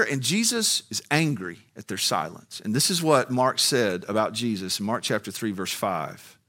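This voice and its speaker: A man's voice: lowish voice, sing-song, normal speed, few pauses, pushed and bright. A man preaching a sermon, moving from a conversational tone to fiery, soaring emphasis. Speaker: pastor.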